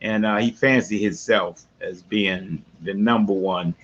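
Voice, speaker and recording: A man with a Baltimore accent hosting a casual live sports podcast from his man cave, talking in loud, slangy, folksy bursts. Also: fairly low pitch, fairly even intonation, unhurried, dull audio. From West Baltimore. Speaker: podcast host.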